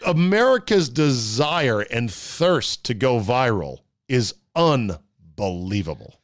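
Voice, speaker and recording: A man hosting a sports talk podcast on a studio mic, telling stories in a casual, animated way. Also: mid-range voice, slow pace, no room sound. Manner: animated storyteller, fiddly with gear.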